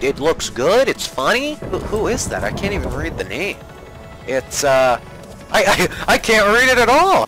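Young man, gaming commentary, lively swooping pitch, bright tense voice, mock-polite showman, soft game music underneath. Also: rough recording. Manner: mock-polite family-friendly showman, excitable, yelps and shouts in panic. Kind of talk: Minecraft PvP let's play commentary.

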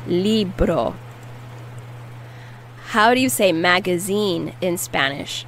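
A woman teaching a language lesson, repeating each word slowly and carefully. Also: on the low side, a little hiss or hum, rough recording. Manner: slow, careful repetition of words. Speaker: Spanish teacher.

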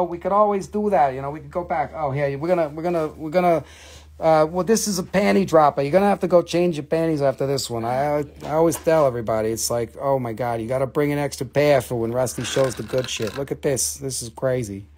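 Excitable man hawking crystals on a live stream. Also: a little high. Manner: excitable, swears, jokes, talks to viewers. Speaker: live-stream seller of minerals. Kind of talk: casual live-sale patter.

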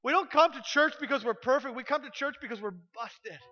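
A man preaching a sermon as pastor, passionate and swinging from loud urgency to hushed pleading. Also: very high voice, fairly quick, muffled recording, faint music behind. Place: church sanctuary.

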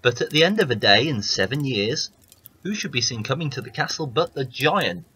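A man reading a fairy tale aloud as a storyteller, in steady, plain narration. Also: medium pitch, fairly quick, slightly rough, poor audio.

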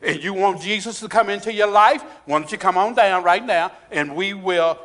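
A man preaching a sermon in a church, calling out to the congregation, repeating phrases and dropping to a hushed intensity in prayer. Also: sits high, normal speed. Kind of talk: sermon with altar call. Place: church sanctuary.

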